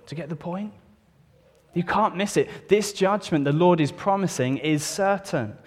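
A man's voice: high-pitched, normal speed. A man preaching a sermon in a church, reading scripture solemnly and putting earnest questions to his listeners. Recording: long reverb of a church hall.

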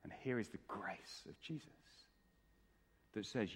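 A man preaching a sermon in church, earnest, moving between hushed, quiet lines and raised, emphatic ones. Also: fairly low pitch, lively intonation, a little slow, long pauses, husky. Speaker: pastor. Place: church hall. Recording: reverberant church hall.

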